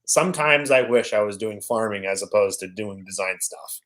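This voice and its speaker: A man's voice: on the low side, moderate pace, a bit bright, poor audio. Laid-back man telling rambling stories. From Washington State, US. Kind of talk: casual chat, storytelling.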